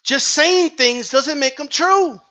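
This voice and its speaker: A man's voice: very high voice, slow pace, bright, forceful tone. A man ranting about boxing in a heated, casual monologue, swearing and repeating himself for emphasis. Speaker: boxing commentator.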